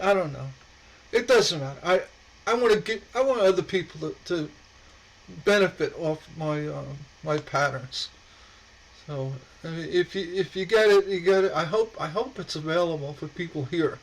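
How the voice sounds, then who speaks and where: High-voiced man rambling on a live stream. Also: poor audio. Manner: rambling, halting, with frequent repeated words. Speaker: stained glass pattern designer hosting a live stream. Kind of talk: casual live-stream chat.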